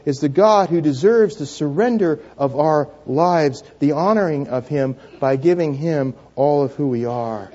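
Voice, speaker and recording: A male pastor preaching a sermon, asking the congregation questions and leading call-and-response, swinging between hushed and loud moments. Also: on the high side, measured pace, few pauses. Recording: dull lo-fi church recording.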